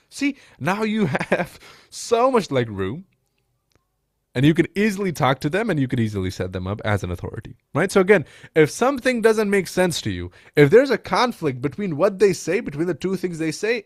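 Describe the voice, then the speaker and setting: An animated man with a pitch that leaps up and down as he coaches on sales. He talks in a loose, slangy way, checking in with "right?" and calling people "bro". The sound is dry and close. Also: normal speed, dry recording. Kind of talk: casual coaching breakdown.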